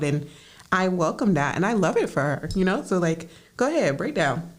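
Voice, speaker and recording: Animated, laughing woman. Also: on the low side, normal speed. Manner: animated storytelling, laughs often, acts out quotes. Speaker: therapist, podcast co-host. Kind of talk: casual chat.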